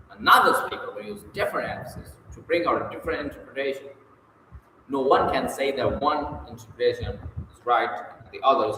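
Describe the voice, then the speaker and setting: A man reads a textbook aloud in short, emphatic bursts, then answers its study questions off the cuff, sometimes hesitantly. His medium-pitched voice sounds pushed and bright. The room is very echoey with long reverb and faint noise.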